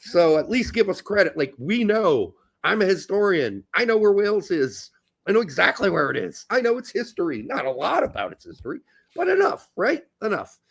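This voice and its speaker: A man's voice: sits high, very animated, normal speed, vocal fry, breathy edge. A man co-hosting a casual podcast chat, joking around, laughing often and wandering into rambling asides. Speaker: co-host.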